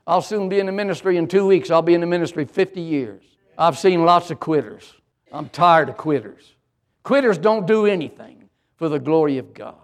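An older man preaching with a fairly high voice. He drives his points home through emphatic repetition in a steady sermon cadence. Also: normal speed. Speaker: pastor.

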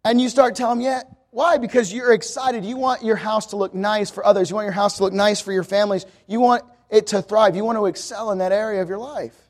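A young male preacher with a high-pitched voice delivers a sermon. He speaks emphatically, returning again and again to a refrain. His style is direct and energetic. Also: fast, hardly any pauses. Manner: emphatic, repetitive preaching with acted quotes.

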